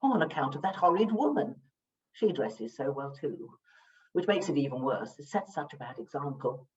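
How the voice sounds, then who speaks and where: A woman's voice: rumbling low, very animated, moderate pace, far from the mic, lo-fi sound, slight background noise. A woman playing a grand, gossiping duchess. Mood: gossipy. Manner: grand, gossipy, theatrical delivery. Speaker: amateur stage actress. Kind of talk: stage play performance.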